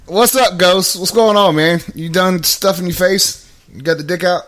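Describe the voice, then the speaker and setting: A fairly high-voiced man hosts a loose, profane live talk show from home. He laughs through his sentences and swears without a pause. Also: fairly bright tone. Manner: laughs a lot, swears freely. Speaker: podcast host. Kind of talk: casual profane chat.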